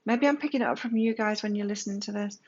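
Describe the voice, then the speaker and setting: A woman's voice: medium pitch, fast talker, a little mellow, dull audio. A woman giving a casual tarot reading to her viewers, speaking candidly and swearing now and then. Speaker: tarot reader.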